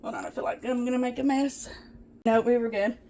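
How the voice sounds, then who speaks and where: With a crowd audible behind her, a woman talks a little fast in a fairly high voice. She's baking in her small home kitchen as a cooking vlogger, chatting to viewers she calls "guys" and getting excited easily in a casual demo.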